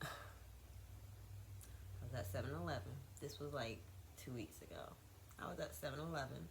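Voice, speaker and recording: A young woman vlogger telling a gossipy storytime, animated and repetitive, swearing freely. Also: extremely low pitch, normal speed, vocal fry, slight background noise, poor audio.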